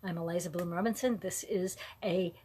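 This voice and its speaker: A middle-aged woman hosts a casual live talk in a breathy, slightly husky voice that sits on the low side. She rambles and digresses, and often slips into soft, whispery asides. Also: fairly even intonation, moderate pace. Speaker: host of a live online talk.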